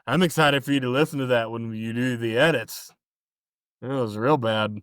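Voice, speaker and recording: A man co-hosting a movie podcast who chats casually, with a blunt, teasing and dry manner. His voice sits at a middle pitch and is recorded close in a dead, dry room. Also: normal speed, smooth, no room sound. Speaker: podcast co-host. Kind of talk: casual chat.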